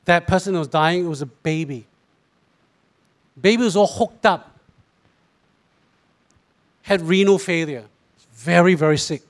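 A middle-aged pastor with a Singaporean English accent, preaching a sermon and acting out quoted voices. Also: male voice, on the high side. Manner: animated, mimics voices in asides.

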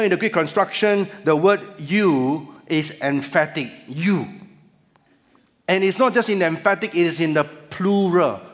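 A man preaching a sermon as pastor, measured with emphatic rises. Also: high voice. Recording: church hall reverb.

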